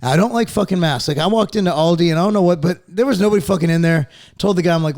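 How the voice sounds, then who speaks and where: A man's voice: a little high, fast, few pauses. A man in his forties hosting a podcast, ranting casually with constant swearing. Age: 40s. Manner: profane, animated ranting. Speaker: podcast host.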